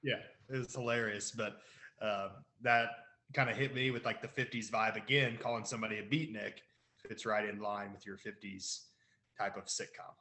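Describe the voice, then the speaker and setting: A man's voice: fairly low pitch, fairly even intonation, moderate pace, pushed and bright. A man co-hosting a casual recap chat, quoting lines and laughing as he goes. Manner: laughing, quotes lines with a grin. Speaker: podcast co-host.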